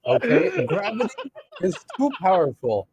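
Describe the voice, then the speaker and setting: High-pitched and swinging wildly in pitch, a young male podcast co-host talks at normal speed on dull-sounding audio with crowd noise in the background. His casual chat is full of teasing at his friend, frequent laughter and a punchy "okay?" to drive points home.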